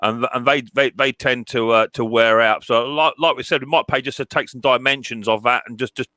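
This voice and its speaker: Brief: middle-aged man, bright and dry-sounding, chatty, stumbles and repeats words, jokey. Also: medium pitch, fairly even intonation, fairly quick, no room sound. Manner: stammering restarts, joking, teasing. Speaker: mower repairer. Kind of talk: casual chat.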